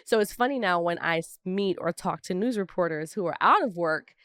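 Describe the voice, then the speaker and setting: A woman's voice: fairly low pitch, animated, a little fast, fairly bright tone, no room sound, studio quality. A woman from Brooklyn, co-hosting a podcast and telling personal stories in casual conversation. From Brooklyn, New York. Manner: reflective storytelling with asides. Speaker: podcast co-host.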